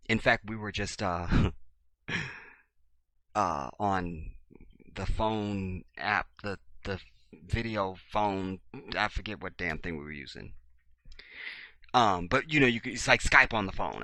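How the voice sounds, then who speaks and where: A man, talking to his viewers in an animated monologue and acting out the voices of the people in his stories. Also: deep voice, slow, long pauses, dry recording. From Chicago, USA. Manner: animated storyteller, acts out dialogue, swings loud and soft. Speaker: video blogger. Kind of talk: casual monologue to camera.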